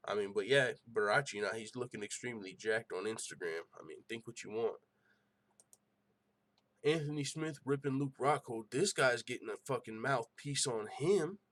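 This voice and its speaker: A young man hosts a casual MMA podcast, ranting about fights with excitable, profane energy. His voice sits at an ordinary middle pitch, and he keeps the talk loose and conversational. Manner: animated, profane, excitable rants. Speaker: MMA show host.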